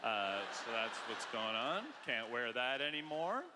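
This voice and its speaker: A man in his thirties from Canada performing a loud, excitable stand-up comedy set with mock bravado. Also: mid-range voice, measured pace, background noise. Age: 30s. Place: large theater stage. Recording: live stage audio with long hall reverb.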